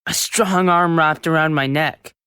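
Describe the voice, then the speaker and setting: A woman playing a seventh-grade boy who narrates his own story in a full-cast audiobook, lively and chatty with sudden yells. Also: deep voice, a little slow, clean tone, dry recording. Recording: dry close studio sound.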